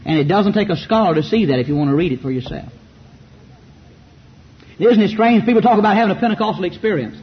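A man's voice: high-pitched, expressive, quick pace, pauses often, slightly rough. A man with a Southern US accent preaching a fiery sermon full of rhetorical questions and mocking asides. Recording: muffled recording with faint background hiss.

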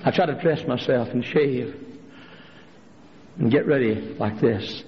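A male pastor preaching a sermon in a church, swinging from hushed storytelling up to impassioned shouted refrains. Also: unhurried, slight background noise. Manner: impassioned preaching, climbing to shouted refrains, dropping low for stories. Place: church sanctuary. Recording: lo-fi recording with long hall reverb.

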